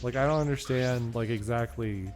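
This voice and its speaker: A man's voice: mid-range voice, normal speed, music in the background. Frustrated young man streaming a game. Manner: frustrated, swearing, self-mocking rants. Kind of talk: casual gaming stream commentary.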